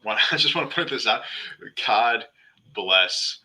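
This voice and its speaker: A man's voice: mid-range voice, lively intonation, measured pace, bright, forceful tone, poor audio. A man from western New York co-hosting a casual faith-based podcast, earnest and self-deprecating with dry humor. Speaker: podcast co-host.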